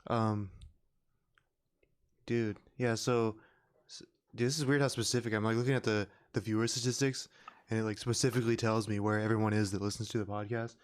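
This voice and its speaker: A man's voice: lowish voice, steady tone, a little fast, clean tone. A man hosting a podcast in casual chat, rambling and full of fillers, laughing often. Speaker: podcast host. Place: podcast recording room.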